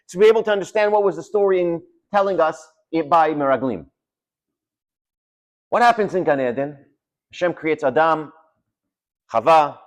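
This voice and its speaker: A man delivering a sermon as a rabbi, telling stories with dramatic drops to a near hush. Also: sits high. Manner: animated storytelling with dramatic drops in volume. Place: synagogue study hall.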